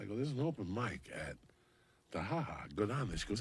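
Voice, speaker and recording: A man's voice: fairly low pitch, quick pace, gravelly, slightly rough. A middle-aged man telling a story on a podcast in a casual, profane way, acting out other people's voices as he goes. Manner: profane, animated, acts out voices in his stories. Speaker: podcast guest.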